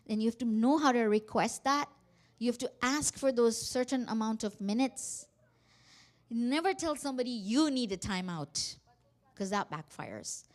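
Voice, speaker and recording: A woman giving a workshop talk on family communication, animated and acting out quoted dialogue. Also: a little high. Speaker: workshop speaker. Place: community center hall.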